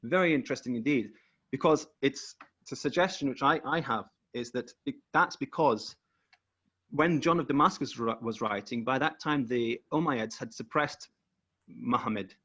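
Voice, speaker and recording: Male guest on a video call, husky, careful explainer, muffled lo-fi line. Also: mid-range voice, normal speed, a bit bright. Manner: careful, repeats words while explaining. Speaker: guest researcher. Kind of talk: explanatory talk over screen share.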